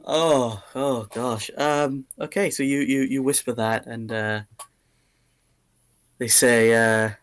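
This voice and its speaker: A man narrating as game master of a tabletop game in a relaxed, rambling way. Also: medium pitch, slow.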